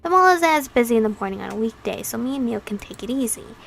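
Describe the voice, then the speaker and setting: Gravelly woman reading a romance game. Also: fairly high pitch, lively intonation, fast talker, a bit bright, faint music behind. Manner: playful, chatty asides between read lines. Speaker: game channel host. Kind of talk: reading a visual novel aloud with commentary.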